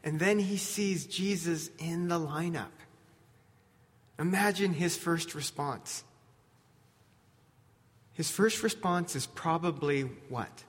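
Slow, earnest male pastor in a reverberant hall. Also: a little high, husky. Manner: earnest, building to emphatic questions then dropping to soft quiet lines. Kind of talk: sermon. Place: church sanctuary.

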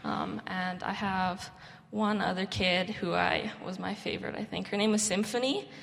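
A woman's voice: medium pitch, fairly even intonation, normal speed, vocal fry, fairly bright tone. A young woman shares stories from volunteering at a kids' camp in a casual, rambling way, dropping "like" into nearly every phrase. Her voice sits in the middle of the usual range. The sound carries a long reverb, as if she is speaking in a large hall. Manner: chatty, lots of "like" fillers. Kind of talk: casual storytelling talk.

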